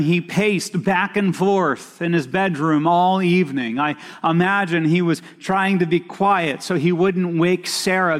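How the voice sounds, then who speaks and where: A pastor preaching a sermon, reading scripture aloud and retelling the story with expressive storytelling. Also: male voice, a little high, in a large hall.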